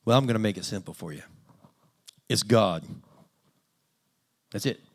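A man's voice: fairly low pitch, measured pace. A man preaching a conversational sermon in a plain-spoken, self-deprecating way with dry humor.

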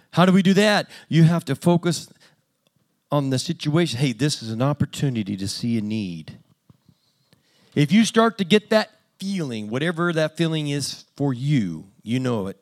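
A man's voice: on the high side, sing-song, moderate pace. A man preaching a conversational sermon in a plain-spoken, self-deprecating way with dry humor.

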